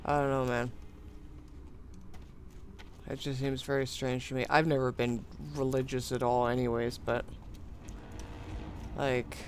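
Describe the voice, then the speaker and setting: An adult streamer talks slowly and unhurriedly, drifting from one anecdote to the next while playing. The voice sits at an ordinary middle pitch. Laughs, sighs and mild swearing keep it loose and conversational. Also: level tone, slight background noise. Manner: meandering, chuckling, sighing, mildly profane. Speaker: gaming streamer. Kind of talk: casual rambling storytelling while playing.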